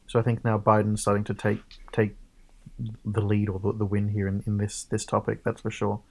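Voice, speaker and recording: A man's voice: lowish voice, completely flat delivery, moderate pace. A man giving casual commentary, thinking aloud with many ums and restarts. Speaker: co-host reacting to a debate.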